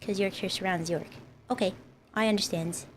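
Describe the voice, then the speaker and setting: A woman's voice: mid-range voice, steady tone, moderate pace, a little hiss or hum. A woman streamer in casual live-stream chat, rambling and talking to her viewers. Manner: rambling, chatty, talks to chat.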